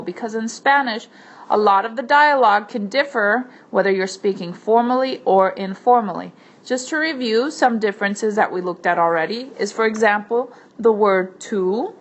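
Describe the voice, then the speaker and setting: A woman teacher narrating a screencast language lesson, slowing down to pronounce each example word carefully while she writes on a tablet. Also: mid-range voice. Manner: slow, careful enunciation of example words. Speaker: Spanish teacher. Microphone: computer mic while drawing on a tablet.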